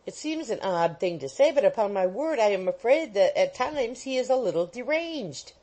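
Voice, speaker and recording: A woman voicing a kindly, fussy older gentleman who speaks politely and gets flustered. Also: a little high, sing-song, moderate pace, pitched above the performer's own voice. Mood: puzzled.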